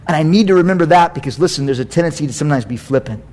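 A middle-aged American man preaching a sermon as pastor, conversational and animated, with playful asides. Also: on the high side, rapid-fire.

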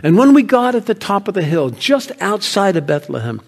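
An actor playing a grieving, proud male shepherd of ancient Bethlehem in a first-person monologue, telling his story with feeling and often dropping to hushed tones. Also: high-pitched, sing-song, moderate pace, vocal fry, heavily acted. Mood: earnest.

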